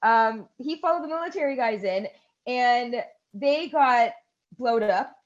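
A woman in her thirties co-hosting a podcast, casually retelling a movie scene by scene, swearing and shrieking the characters' yells. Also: fairly high pitch, measured pace, lo-fi sound. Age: 30s. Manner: animated storytelling with loud shrieks and swearing. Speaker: podcast co-host. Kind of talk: casual chat recapping a movie.

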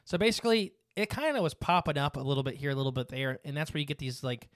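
A man's voice: fairly high pitch, quick pace, no room sound, clean studio sound. Man casually reading folklore notes. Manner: reads notes aloud with fillers and asides. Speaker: podcast host. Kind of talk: casual podcast chat.

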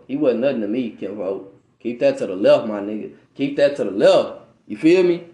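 Man, podcast preacher, slangy street talk, lively swooping pitch, echoey room. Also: a little fast. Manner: preachy, repeats "right?", reads aloud with stumbles. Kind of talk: informal religious teaching.

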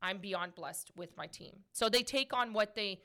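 A woman in her thirties hosting a podcast, answering questions in a chatty, animated way. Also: medium pitch, normal speed. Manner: chatty, animated, laughs often. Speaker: podcast host. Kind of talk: casual podcast Q&A chat.

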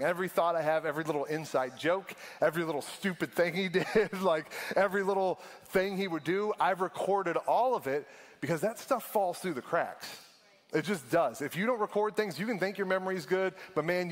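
A man, preaching a sermon in a casual storytelling way that slows down for emphasis. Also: fairly high pitch, in a large hall. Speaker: pastor.

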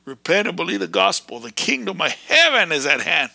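A man ranting in a fiery, erratic preaching monologue, breaking into sudden shouted bursts. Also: sits high, very animated, fairly quick, vocal fry, no echo.

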